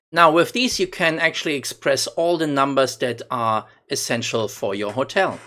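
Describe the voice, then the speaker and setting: A man teaching phrases in a slow, deliberate instructional voice-over, repeating lines for learners. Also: medium pitch, pushed and bright. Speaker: language teacher.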